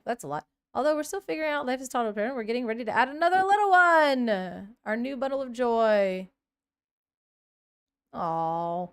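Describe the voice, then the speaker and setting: A woman in her thirties chatting casually on a live stream, reacting aloud as she scrolls and now and then breaking into excited squeals. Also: mid-range voice, fairly quick, clear, resonant tone.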